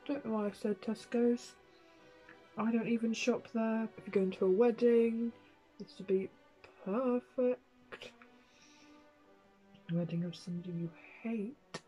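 A woman's voice: a little high, unhurried, pauses often, warm tone, faint music behind. A young woman doing a casual makeup vlog, self-mocking and swearing as she talks to herself and her dog. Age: young adult. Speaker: beauty vlogger.

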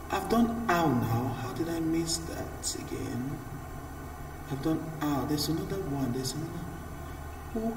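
A man teaching an online class, lively and encouraging as he reads out student answers. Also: mid-range voice, noisy background. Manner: lively and encouraging, repeats praise. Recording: roomy, echoey audio from far off the mic.

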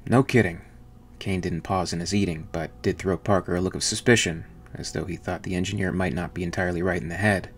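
A man narrating a novel in an even, measured audiobook reading. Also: deep voice, soft background music.

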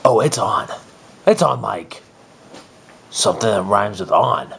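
A man's voice: on the low side, big pitch swings, a little slow, gravelly, fairly bright tone, slight background noise. A young man co-hosting a comedy show, bantering goofily and often squealing in mock alarm. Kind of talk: goofy casual banter.

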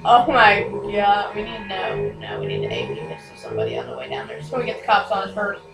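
A woman's voice: fairly low pitch, huge pitch swings, a little fast, vocal fry, music in the background. A woman hosting casual gameplay commentary, chatty and self-mocking, who often laughs at her own mistakes. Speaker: gaming channel host. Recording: echoey room, distant mic, noisy.

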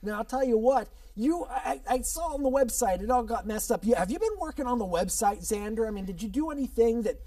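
A man's voice: very high-pitched, animated, fairly quick, hardly any pauses, mellow, no echo, far from the mic. A man hosting a comedy talk show with over-the-top showman patter. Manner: over-the-top showman patter, repeats "I'll tell you what". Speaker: host.

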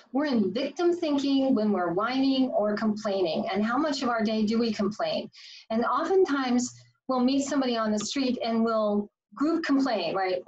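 A woman life coach giving an upbeat, playful motivational talk to camera. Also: on the high side. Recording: slightly distant, dull sound.

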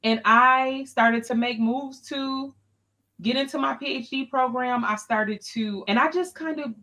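A woman, an education scholar, telling a personal story as a podcast guest in an animated, expressive, colloquial way. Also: sits high, a little slow.

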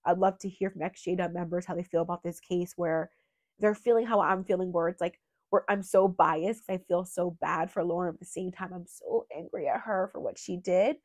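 A woman's voice: fairly low pitch, fairly even intonation, a little fast, darkish tone, dry recording, studio quality. A young woman with a cold, sounding nasal, hosting a true crime channel and rambling in a heartfelt, filler-heavy way. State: sick with a cold. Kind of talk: casual emotional monologue.

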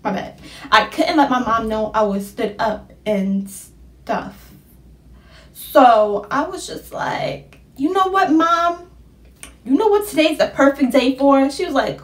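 A young woman tells a casual storytime tale in slangy, animated fashion, leaping into high, excited bursts whenever she quotes someone. She keeps a measured pace, and the sound is reverberant from a distant mic.

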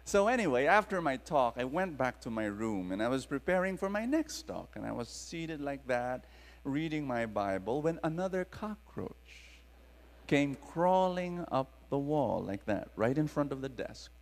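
With a Filipino accent and a measured pace, this man delivers a storytelling sermon to a live audience, dramatizing tales and calling on listeners to respond. His pitch is medium, and the reverberant hall gives a long echo.

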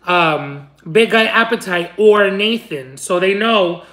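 A man's voice: high voice, animated, slow, pushed and bright. A man vlogging as he opens fan mail, telling a story to his viewers in a dramatic, giggly way. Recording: roomy echo.

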